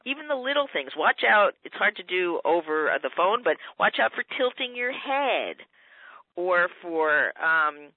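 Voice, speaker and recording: A woman's voice: lowish voice, very animated, unhurried, no echo. A woman speech coach giving methodical, instructive advice in a radio interview. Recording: tinny phone line, dry.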